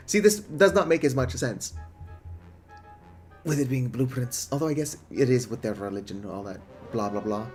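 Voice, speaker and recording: A man's voice: mid-range voice, moderate pace, a little mellow. Guy streaming a game, casual offhand comments, faint music behind. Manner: offhand, muttering asides.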